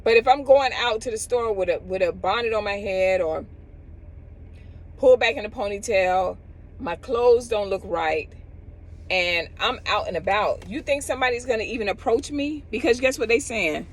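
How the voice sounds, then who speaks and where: Husky-voiced woman giving salon advice. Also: mid-range voice, moderate pace, rough recording. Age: middle-aged. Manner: animated, acts out others in quotes. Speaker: cosmetologist. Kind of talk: casual advice talk. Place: outdoors.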